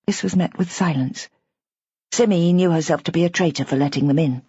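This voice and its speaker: A woman narrating a mystery audiobook in a measured, even way. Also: deep voice, husky, no room sound. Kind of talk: scripted narration. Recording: dull, lo-fi audiobook recording.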